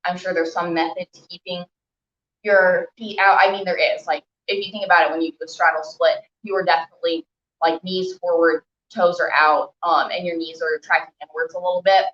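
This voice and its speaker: A woman's voice: on the low side, little pitch movement, brisk, fairly bright tone. Chatty young woman coaching a stretch. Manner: chatty, encouraging, filler-heavy. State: out of breath while stretching. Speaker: stretching instructor. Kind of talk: live stretching class. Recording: echoey room, dull lo-fi sound.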